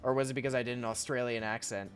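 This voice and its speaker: A man's voice: medium pitch, flat delivery, racing, faint music behind. A young man streaming while he draws, rambling casually to chat, reading messages aloud and often laughing.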